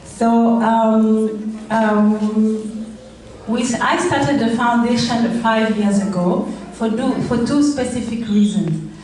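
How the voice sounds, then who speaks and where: A middle-aged woman from Rwanda with a French accent, giving a halting speech as a charity founder at a gala. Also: on the high side, a little mellow. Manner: halting, with many fillers. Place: event hall. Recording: roomy hall audio from far off.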